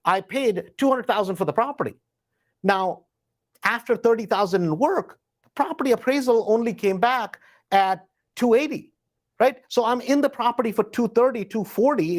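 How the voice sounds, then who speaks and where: Man talking shop, lots of "right?". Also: sits high. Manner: conversational, frequent "right?" tag questions; acts out quoted inner voices. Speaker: host. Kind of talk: live Q&A talk.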